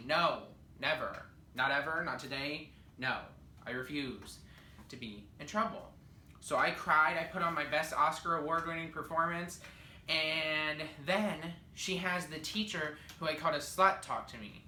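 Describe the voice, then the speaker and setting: A young man telling a storytime vlog in a sassy, animated way with dramatic asides. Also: on the high side, a little slow, slight background noise. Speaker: vlogger. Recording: echoey room with faint ambience.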